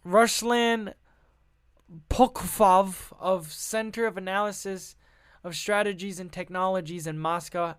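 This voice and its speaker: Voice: mid-range voice, steady tone, measured pace, a bit bright, clear, resonant tone, no echo, clean studio sound. A podcast host reading news articles aloud and breaking off into profane, laughing, rambling asides.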